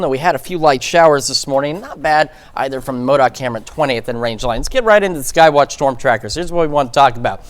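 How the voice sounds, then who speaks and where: A man's voice: on the high side, fairly bright tone. A man giving a local morning TV weather forecast in a casual, conversational way. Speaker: meteorologist.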